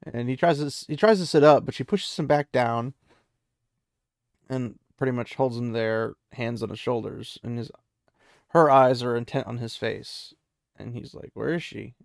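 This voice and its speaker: A man's voice: mid-range voice, normal speed, creaky, dry recording, studio quality. A man casually retelling a fantasy story in a chatty, loose way, with many "he's like" asides.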